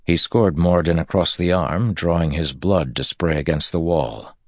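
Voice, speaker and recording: Very deep-voiced male audiobook narrator. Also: moderate pace, no room sound, studio quality. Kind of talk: scripted fantasy narration.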